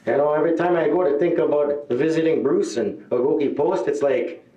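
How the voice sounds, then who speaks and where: A man doing a live stand-up set, telling rambling deadpan stories and chuckling at his own jokes. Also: on the high side, fairly quick, dull audio. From Northern Ontario. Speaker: stand-up comedian. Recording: roomy hall, mic at a distance.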